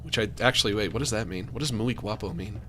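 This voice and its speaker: A man's voice: on the low side, quick pace, a bit bright, slight background noise. A man streaming a game, rambling through jokey asides as he plays. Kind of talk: casual gaming commentary.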